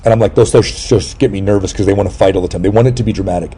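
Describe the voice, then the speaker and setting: Rambling, mellow-voiced man chatting. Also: racing. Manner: rambling, animated storyteller who mimics people in a high voice; swears freely. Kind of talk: casual chat.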